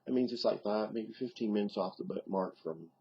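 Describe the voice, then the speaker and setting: A middle-aged man with a Southern US accent rambles through a casual video diary, filling it with ums. His voice sits lowish and brisk, gravelly and somewhat dark, with a breathy edge. The recording sounds muffled.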